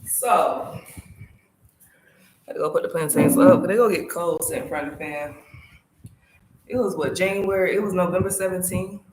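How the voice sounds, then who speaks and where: A woman's voice: lowish voice, normal speed, long pauses, heavy background noise. Woman vlogging in echoey room. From South Carolina. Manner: animated, emotional storytelling with frequent swearing. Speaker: motorcycle vlogger. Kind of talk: casual chat.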